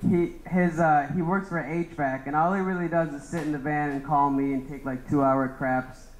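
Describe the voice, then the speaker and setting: A man's voice: on the high side, steady tone, normal speed, slight background noise. Young man roasting friends in echoey room. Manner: rambling, restarts, laughs at own jokes. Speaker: stand-up comedian roasting friends. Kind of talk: open-mic roast set.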